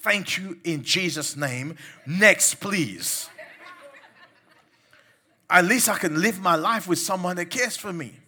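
A man's voice: high-pitched, pushed and bright, husky. A man preaching a sermon, exhorting his listeners with emphatic commands and mimicking the people he mocks.

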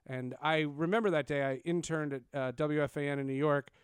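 A man's voice: fairly high pitch, brisk, clean tone, dry recording, studio quality. A man, hosting a casual interview and telling stories with lots of fillers and restarts. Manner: animated storyteller, many fillers and restarts. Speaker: podcast host.

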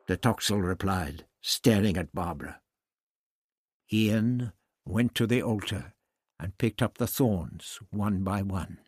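A male narrator reads an adventure story aloud in an expressive, dramatic way. His husky voice moves slowly and rises and falls in a lively way. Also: fairly low pitch, no room sound, studio quality. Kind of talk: audiobook narration.

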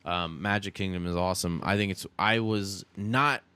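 A young adult man, a podcast co-host, telling a story in casual, animated chat, swearing often and saying "dude". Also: low voice, moderate pace, clean tone, dry recording.

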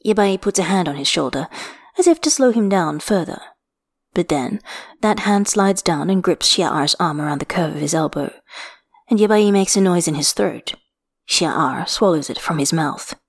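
Woman reading fiction, lowish voice. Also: lively intonation, normal speed. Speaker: reader.

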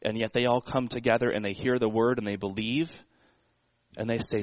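A man's voice: mid-range voice, fairly bright tone, no echo, rough recording. A man preaching a sermon in a conversational way, asking the congregation rhetorical questions. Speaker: pastor.

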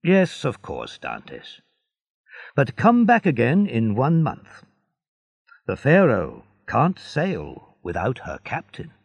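A man's voice: mid-range voice, wildly swooping pitch, slow, creaky, slightly rough, dry recording, lo-fi sound, exaggerated voice. A man voicing a kindly, fatherly ship owner in a storybook reading. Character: older male ship owner, kindly and warm.

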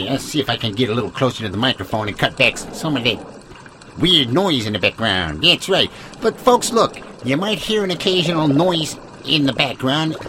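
A man's voice: on the high side, background noise. A man hosting a mock news broadcast in a hammy, rambling, folksy announcer manner. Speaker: comedy news host.

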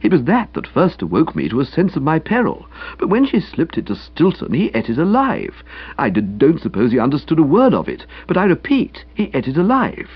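A man voicing a breezy, self-assured young gentleman who teases with mock-solemn pronouncements in an audiobook reading. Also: fairly high pitch, huge pitch swings, a little fast, slightly rough, dry recording, highs cut off, voice pushed up, heavily acted. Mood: musing. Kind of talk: audiobook character voice.

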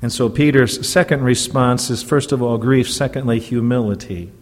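A man's voice: mid-range voice, normal speed, big-room sound. A man who is a pastor preaching a sermon in an earnest, emphatic way, often stopping to check in with the congregation through rhetorical questions.

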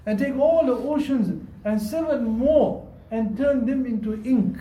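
High-voiced preacher in an echoey mosque. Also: male voice, dark tone. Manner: earnest, repetitive preaching mixing in Arabic and Urdu phrases. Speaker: imam. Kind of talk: Friday sermon. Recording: echoey hall, distant mic.

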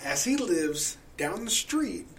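A man in casual chat, retelling a movie with lots of swearing and loud acted-out quotes. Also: high voice, takes it slowly. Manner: animated, profane, acts out quotes loudly.

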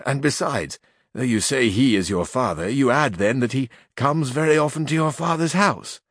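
A man's voice: mid-range voice, expressive, normal speed, a bit bright, no echo, studio quality, voice pushed up. A man doing a stern, skeptical steward. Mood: firm. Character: stern, skeptical middle-aged male steward.

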